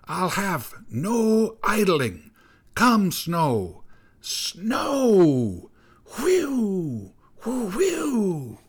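A man's voice: sits high, very animated, takes it slowly, fairly bright tone, voice pushed up, heavily acted. A man voicing a wild old female snow spirit who shrieks commands at the storm. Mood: shrieking.

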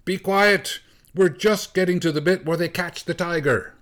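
A man's voice: on the high side, lively intonation, moderate pace. A man doing a hot-tempered, blustering cellist. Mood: furious. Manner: shouting, blustering. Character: irritable, hot-tempered young male cellist.

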